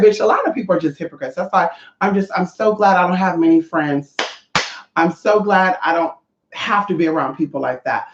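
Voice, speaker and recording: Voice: medium pitch, fairly quick. A spiritual teacher in a casual, sassy monologue full of profanity. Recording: echoey, slightly dull room sound.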